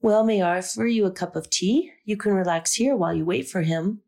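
A woman reading the part of a kind, tactful older woman who speaks in a gentle, coaxing way. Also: mid-range voice, a little fast, vocal fry.

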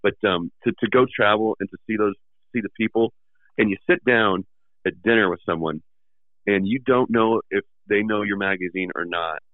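A man's voice: lowish voice, normal speed, no echo. A man guest on a casual podcast, telling stories and acting out the people he quotes. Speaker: magazine editor and podcast guest. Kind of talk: casual storytelling chat. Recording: tinny phone-like sound.

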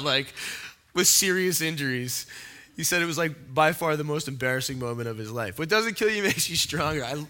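A man delivers a sermon in a loose, conversational way, telling stories and laughing along with the room. His voice is bright and ringing and sits a little high for a man. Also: animated, fairly quick. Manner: casual, storytelling, laughs often. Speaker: pastor. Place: church in a big city.

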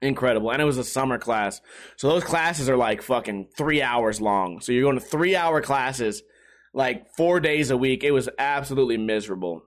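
A man's voice: animated, moderate pace. A young man hosting a talk show, rambling through a profane, self-mocking casual rant. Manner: rambling, self-mocking, swings between high and low pitch. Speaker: podcast host.

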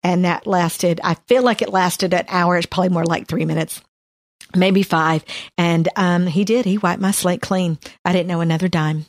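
Lady on a podcast sharing her testimony, heartfelt, lowish voice, dry sound. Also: steady tone, moderate pace, no echo. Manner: earnest, heartfelt storytelling. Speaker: podcast co-host.

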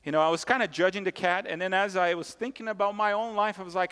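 A man's voice: sits high, fairly even intonation, quick pace, hardly any pauses, a bit bright, clear, resonant tone. A man preaching a sermon as pastor, emphatic and conversational, repeating key points and tossing asides to the congregation. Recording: long hall reverb.

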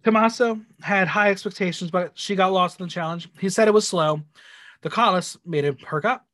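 A man's voice: sits high, moderate pace, a bit bright, no room sound. A man co-hosting a casual podcast, recapping a drag show and reading out the judges' critiques with sass. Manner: reads out judges' critiques, sassy. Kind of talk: casual chat.

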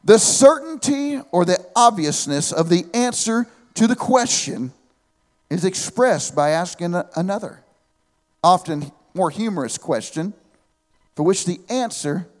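A man in his thirties with a rather high voice delivers an animated sermon. He mixes earnest preaching with humorous asides and calls out amen to his listeners. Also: a little slow, long pauses, in a large hall.

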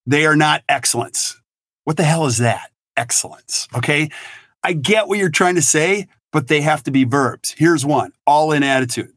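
A middle-aged man, a business consultant guest on a podcast interview, talking in an energetic, emphatic and blunt way. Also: medium pitch, no room sound, studio quality.

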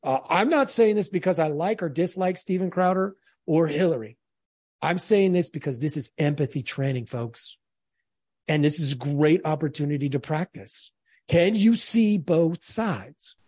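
Husky-voiced man giving earnest commentary. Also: on the high side, normal speed, a little mellow, dry recording. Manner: earnest, addresses the audience as folks. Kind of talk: reflective commentary on a clip.

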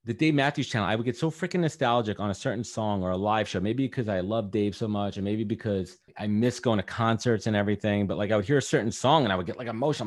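Brief: low-pitched man, 30s, quick rambling guest talk, candid. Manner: rambling, candid, lots of fillers. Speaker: podcast guest. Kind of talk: casual podcast chat.

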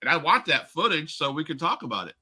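A man's voice: a little high, big pitch swings, fast talker, pushed and bright, breathy edge. A man hosting a wrestling podcast, asking long rambling questions and stirring up rivalries. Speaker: podcast host. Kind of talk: podcast interview.

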